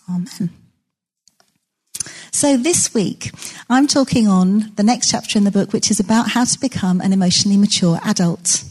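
A woman preaching to her church in an easy, chatty manner. Her voice has a soft, breathy, slightly husky edge and sits at an ordinary middle pitch. She leans on light self-deprecating stories. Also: moderate pace. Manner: warm, conversational, self-deprecating storytelling. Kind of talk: sermon.

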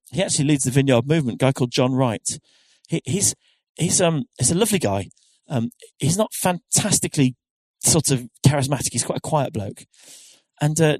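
Middle-aged male pastor, earnest, conversational preaching style, slightly high voice, dry close recording. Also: no echo. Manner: conversational, earnest, with frequent restarts and rhetorical questions. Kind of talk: sermon.

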